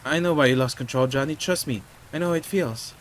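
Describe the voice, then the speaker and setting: A man voicing a calm male detective who talks a suspect down in a steady, reassuring way. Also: medium pitch, fairly quick, slight background noise, natural voice, poor audio. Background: game music and rain.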